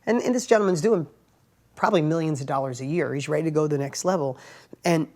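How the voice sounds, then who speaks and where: A man giving a casual motivational talk to camera, telling stories in plain everyday words, often tagging lines with "right?" and swinging between emphatic bursts and hushed asides. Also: a little high, quick pace. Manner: plain everyday wording, frequent "right?" tags. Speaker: motivational speaker and entrepreneur host.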